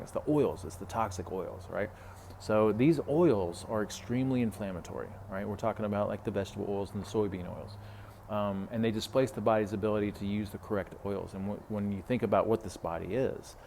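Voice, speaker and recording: A man's voice: lowish voice, a little mellow, a little hiss or hum. A man talking casually as a health coach, retelling a client conversation with lots of fillers and asides. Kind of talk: casual podcast talk.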